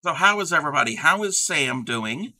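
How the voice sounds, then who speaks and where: A man's voice: on the high side, expressive, brisk, pushed and bright. A man hosting a crafting livestream in casual, rambling chat, reading and answering his chat aloud. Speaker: livestream host.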